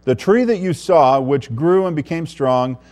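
A man preaching an expository sermon, reading scripture and explaining it, who often drops to a hushed voice for emphasis. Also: a little high, lively intonation, a little slow. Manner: preaching with wide swings in loudness, dropping to a hushed voice for emphasis. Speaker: pastor.

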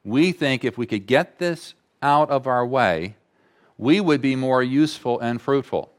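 A man preaching a sermon as pastor, slow and deliberate, repeating key phrases for emphasis. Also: mid-range voice, animated.

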